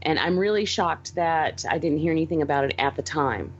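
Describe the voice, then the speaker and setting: A woman's voice: sits low, lively intonation, fairly quick, dull audio, a little hiss or hum. A woman co-hosting a casual podcast, gushing and emotional as she reviews a movie, laughing easily. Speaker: podcast co-host.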